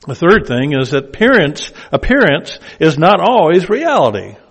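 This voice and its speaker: A man's voice: a little high, sing-song, moderate pace, fairly bright tone, husky. An older man with a Southern accent preaching a conversational sermon with folksy asides.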